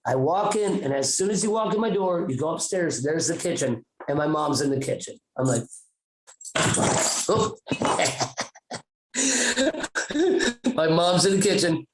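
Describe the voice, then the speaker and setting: A man's voice: fairly high pitch, brisk, few pauses, noisy background. A young man telling a comic story on a podcast, profane and rambling. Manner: profane, rambling, animated retelling. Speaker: podcast host. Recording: roomy echo.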